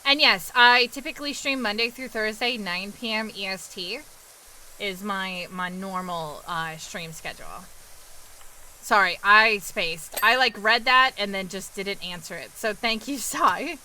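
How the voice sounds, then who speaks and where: A young woman with a New York accent chats with her stream's viewers as she plays, her voice bright and forward. She talks loosely, reading and answering questions from chat. Her pitch sits in a middle range for a woman, and faint noise hangs behind her. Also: a little slow, low-quality recording. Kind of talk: casual chat with live chat while gaming.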